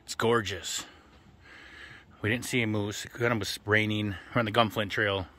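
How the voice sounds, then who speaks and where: Bright-voiced man narrating a lake trip vlog. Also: on the low side, normal speed. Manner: relaxed, chatty tour-guide commentary. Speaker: family vlogger. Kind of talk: casual travel vlog narration. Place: outdoors on a lake and trails.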